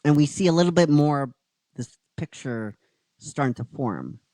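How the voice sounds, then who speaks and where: A man casually retelling a story as a show host, halting and restarting, with the occasional swear word. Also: a little high, expressive, dark tone, no echo, poor audio.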